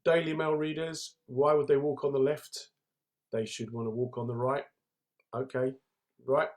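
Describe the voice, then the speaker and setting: A man's voice: mid-range voice, little pitch movement, normal speed, a little mellow. Jokey man chatting live from home. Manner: jokey, chatty, greets commenters by name. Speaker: comedian hosting a live stream. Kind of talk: casual live-stream chat to viewers.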